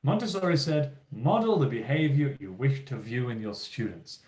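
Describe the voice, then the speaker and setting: A man delivering an energetic keynote to educators, his pitch leaping up and down as he stresses each point and slips into little acted quotes. The voice sits in a mid register, and the recording has a noticeable roomy echo around it. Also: normal speed. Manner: lively, emphatic, acts out quoted teachers and children. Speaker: keynote speaker, teacher. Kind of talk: motivational keynote talk.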